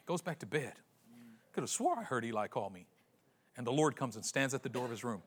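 A man preaching a sermon, retelling a story with slangy acted-out voices and dramatic pauses. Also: medium pitch, sing-song, fairly bright tone. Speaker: pastor.

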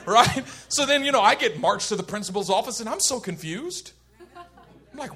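Animated preacher with a husky, bright voice. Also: male voice, high voice, normal speed, some chatter behind. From Oakland, California. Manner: animated, shifts between loud emphasis and quiet intensity; laughs while telling a personal story. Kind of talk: sermon with storytelling.

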